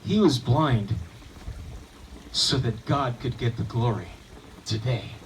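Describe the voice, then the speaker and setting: A man voicing Jesus as a calm, gentle healer, speaking slowly and solemnly. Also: medium pitch, slight background noise, pitched below the performer's own voice. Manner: slow, solemn and tender. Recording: distant mic, faint room ambience.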